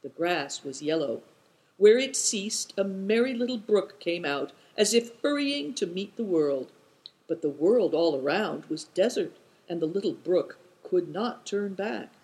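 Audiobook narrator, measured, descriptive, expressive pitch, middle register. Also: poor audio.

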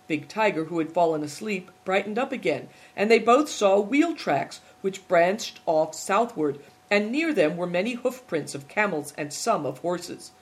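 An audiobook narrator with a mid-range voice reads a children's novel aloud from a script, keeping a steady, measured storytelling pace.

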